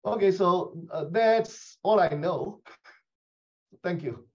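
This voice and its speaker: A man speaking in an online meeting discussion, halting and often repeating "you know, say". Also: sits high. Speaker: meeting participant. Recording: dull lo-fi audio.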